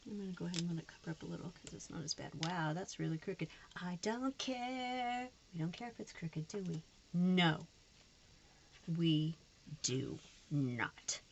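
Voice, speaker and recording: A woman's voice: lowish voice, steady tone, racing, creaky, hardly any pauses, muffled recording, slight background noise. A woman chatting casually to camera while she decorates her planner, frank and a little frustrated. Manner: chatty, frustrated, slips into put-on voices. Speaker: planner vlogger.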